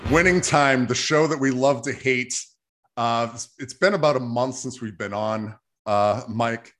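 A man hosts a casual podcast, joking and a little profane. He leads the segments in a relaxed, offhand way. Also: medium pitch, measured pace, soft background music. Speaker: podcast host.

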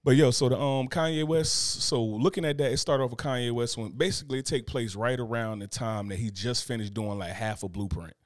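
A man's voice: medium pitch, brisk, hardly any pauses, dry recording. A man co-hosting a podcast, chatting casually with a laid-back, slangy storytelling manner. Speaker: podcast co-host. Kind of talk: casual chat.

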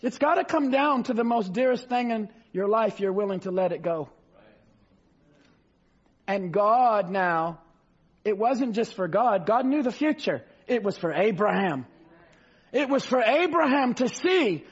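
A male preacher delivering a fervent sermon, reading scripture slowly and rising to shouts. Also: sits high, animated, slightly rough. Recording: dull lo-fi sound.

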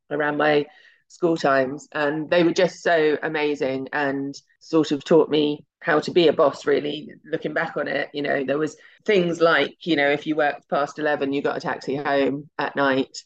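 A middle-aged woman chats through her career story as an interview guest, slipping into little acted-out bits of dialogue. Her voice carries a gravelly edge of vocal fry, and the audio is slightly muffled and lo-fi. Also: low voice, little pitch movement, moderate pace. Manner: chatty and anecdotal, acts out quoted dialogue. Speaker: guest, television executive.

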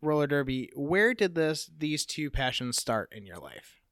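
A man's voice: a little high, sing-song, a little slow, a bit bright, no echo, studio quality. A man interviewing a guest with curious, casual questions.

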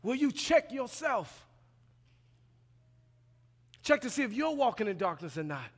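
A man in his thirties preaching a sermon as a pastoral resident, swinging between loud emphatic passages and quiet asides, colloquial and acting out dialogue. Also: extremely high pitch, big pitch swings, unhurried. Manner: colloquial, plays out dialogue in voices. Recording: long hall reverb.

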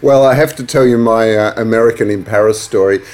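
A man's voice: on the low side, fairly quick, darkish tone. A man with an Australian accent, hosting an interview podcast, chatty and friendly, laughing easily. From Australia, grew up in Asia Pacific. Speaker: podcast host. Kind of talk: conversational interview.

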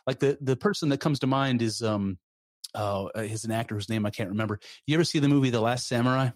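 Man, mid pitch, dry close sound, halting and filler-heavy. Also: no echo. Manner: hesitant, searches for words, many fillers. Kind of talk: casual conversation.

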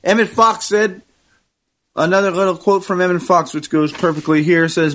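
A man's voice: fairly high pitch, steady tone, normal speed, a bit bright. Upbeat man co-hosting a talk show. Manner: upbeat, affirming, tells jokes. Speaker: podcast co-host. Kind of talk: casual chat, reading listener mail.

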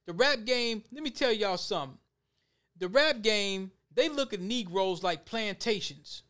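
A man's voice: high voice, animated, unhurried, fairly bright tone. A man reading news aloud and breaking in with heated, emphatic, repetitive commentary to his viewers. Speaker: commentary vlogger.

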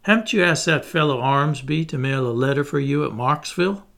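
Man doing a gruff, blustering plantation master. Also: on the high side, brisk, a bit bright. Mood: suspicious. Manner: gruff, mocking, suspicious. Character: blustering middle-aged male plantation master.

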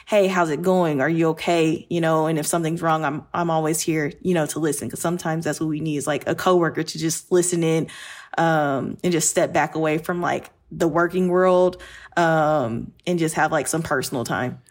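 A woman's voice: deep voice, fairly even intonation, moderate pace. A woman recruiter talking candidly and reflectively in a casual podcast conversation, with many fillers.

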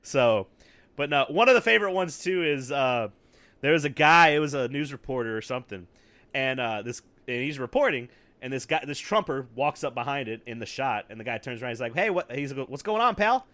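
A man's voice: medium pitch, a little fast. A man co-hosting a podcast, chatting casually with lots of swearing and laughter. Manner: profane, laughing, animated storytelling. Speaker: podcast co-host. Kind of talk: casual chat.

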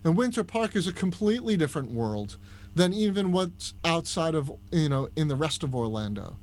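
A man with a Long Island accent, a podcast guest telling stories in a casual, animated chat. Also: on the high side, moderate pace. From Long Island, New York. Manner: storytelling, animated, with restarts. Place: Orlando, Florida.

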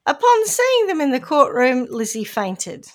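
A woman's voice: high voice, very animated, unhurried. A woman with a New Zealand accent, co-hosting a podcast and telling a true-crime story in a chatty, wry way. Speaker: podcast co-host presenting the case. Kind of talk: casual chat.

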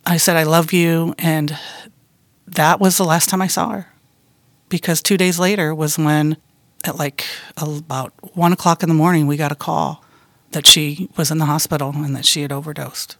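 A middle-aged woman telling the story of her daughter in an interview, talking softly and haltingly, often trailing off into a quiet voice. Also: sits low, little pitch movement, no echo. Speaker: guest, bereaved mother.

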